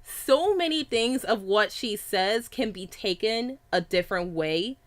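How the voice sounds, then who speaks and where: Excitable woman co-host, slightly high voice, casual and profane. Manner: excitable, swears freely, laughs often. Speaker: podcast host. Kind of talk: casual chat.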